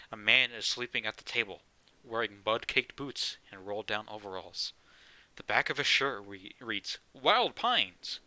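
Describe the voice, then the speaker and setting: A man's voice: mid-range voice, pushed and bright, no echo, poor audio. A man casually playing a game live, amused, reading text aloud. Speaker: streamer.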